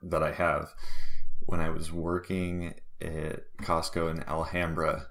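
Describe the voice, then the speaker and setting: A man with a very low voice tells workplace stories in a casual chat. He rambles, swears freely and drifts between tangents. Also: flat delivery, takes it slowly, fairly bright tone. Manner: loose, profane, rambling anecdotes.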